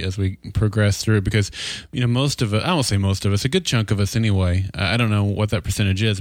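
Podcast co-host, man, lowish voice, dry sound, halting and repetitive delivery. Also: no echo. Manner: hesitant, repeats words. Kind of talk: casual TV discussion.

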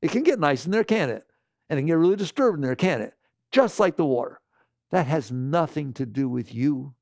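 A man teaching spiritual ideas to a live audience, rhetorical and animated, constantly asking the listeners questions. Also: a little high, a little fast, creaky, no echo, clean studio sound. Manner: animated, slips into mocking quoted voices.

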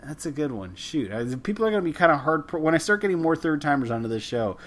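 A man's voice: a little high, sing-song, fast, fairly bright tone. A man hosting a film podcast, chatting casually with a guest in a rambling, self-deprecating way with frequent restarts. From Canada. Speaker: podcast host. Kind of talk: casual interview chat.

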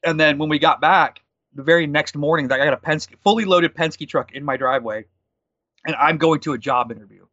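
Guy in his 30s talking fast, bright voice, kinda muffled dull audio. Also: a little high, dry recording. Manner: fast, animated storytelling with quoted dialogue. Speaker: guest. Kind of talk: conversational storytelling.

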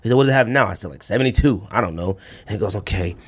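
A man's voice: very fast, slightly rough. A man co-hosting a podcast in casual chat, telling a story animatedly, acting out quotes and saying bruh and man a lot. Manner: animated storyteller, acts out quotes with big pitch jumps. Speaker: podcast co-host.

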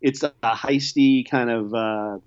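An easygoing man talking in a relaxed chat, often hesitating and hedging. His voice sits at a middle pitch. The recording sounds a little dull and muffled. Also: slow pace, clean tone. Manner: easygoing, hesitant, lots of fillers. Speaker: podcast co-host reviewing movies. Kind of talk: casual chat.

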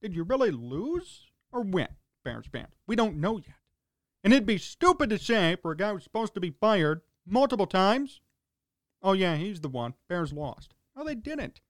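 Man, sports radio host, sarcastic rant, high voice swinging all over, dry studio sound. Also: sing-song, dry recording. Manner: exasperated, sarcastic, rapid-fire short fragments.

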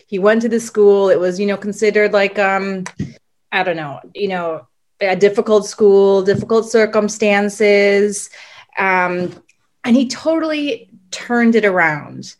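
A woman co-hosting a podcast, speaking in a relaxed, admiring way with many fillers. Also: medium pitch, a little slow. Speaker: podcast co-host. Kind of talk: casual podcast chat.

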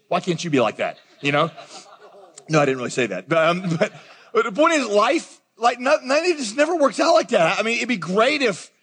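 Man, pastor, conversational and animated sermon, light high voice, long hall reverb. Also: slightly rough. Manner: conversational, animated preaching with asides to the congregation. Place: large church auditorium.

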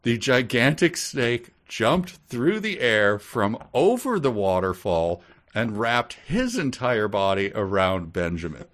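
A man co-hosting a comedy podcast, reading a book aloud deadpan and breaking off to joke about it. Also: medium pitch, takes it slowly. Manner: reads deadpan then jokes about the text.

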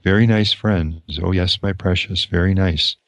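A man's voice: low voice, fairly even intonation, a little slow, fairly bright tone, dry recording. A man voicing a wretched, sneaking male creature who hisses and wheedles, read aloud from a novel. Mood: bitter. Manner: hissing, sly repetition.

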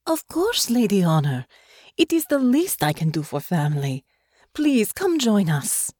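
A woman's voice: mid-range voice, big pitch swings, unhurried, a little mellow, dry recording, clean studio sound. A woman voicing a confident female ship captain who welcomes her guests. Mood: welcoming.

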